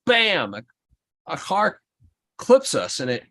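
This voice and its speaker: A man hosting a livestream in casual chat, telling an animated, rambling story. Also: on the high side, slow pace. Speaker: livestream host.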